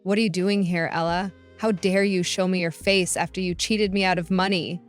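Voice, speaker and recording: A woman's voice: lowish voice, fairly even intonation, normal speed, soft background music, lightly acted. A woman voicing an adult husband who is angry, defensive and accusing in a storybook narration.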